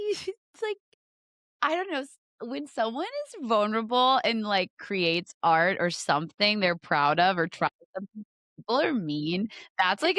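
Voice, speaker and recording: A young woman co-hosting a podcast in casual chat, expressive and emphatic. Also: mid-range voice, no echo, clean studio sound. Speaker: podcast co-host.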